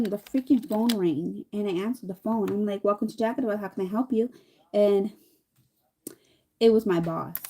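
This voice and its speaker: A vlogger in her thirties with a mid-range voice chats casually while doing her makeup, rambling through a story and animatedly acting out what the people in it said. There's slight background noise.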